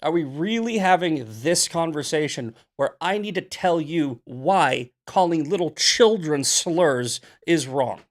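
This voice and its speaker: A man's voice: on the high side, expressive, unhurried, hardly any pauses. A young man hosting a political livestream, arguing heatedly with his chat in a combative, ranting way. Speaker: political commentator and show host. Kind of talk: livestream commentary answering chat.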